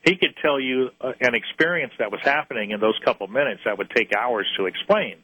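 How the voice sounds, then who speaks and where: A man's voice: medium pitch, sharp tone, slightly rough, low-quality recording. A man who researches UFO experiences, earnestly recounting one of his cases in an interview and often restarting his phrases. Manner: earnest storyteller, halting restarts.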